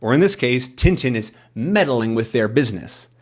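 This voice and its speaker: Guy teaching english off a comic, chatty and lively, bounces around in pitch a lot. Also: normal speed, slightly rough. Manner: animated, explanatory, chatty. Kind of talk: comic read-along lesson.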